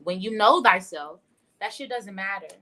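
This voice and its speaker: Blunt young woman doing a live tarot reading, swears a lot, bright sharp voice. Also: medium pitch, moderate pace. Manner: blunt, profane, animated. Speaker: tarot reader. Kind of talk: casual spiritual livestream talk.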